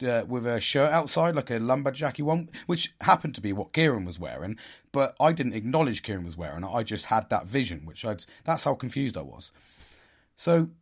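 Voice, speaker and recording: Man, casual storytelling, lively pitch, swears often, self-mocking laughs. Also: fairly quick, husky. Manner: animated, swears a lot, laughs at himself. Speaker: podcast host.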